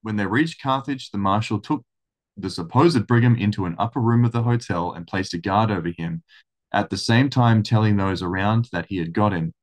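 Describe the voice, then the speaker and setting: A man reading a historical account aloud in steady storytelling, then commenting casually. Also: fairly low pitch, moderate pace. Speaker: religious study channel host.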